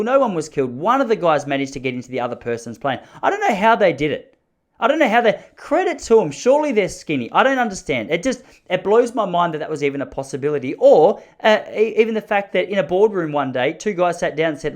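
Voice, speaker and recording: A man's voice: sits high, sing-song, a little fast. A man in his thirties with an Australian accent, hosting a podcast as a wry, rambling solo monologue. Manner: rambling, wry, riffs with mock dialogue. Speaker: podcast host.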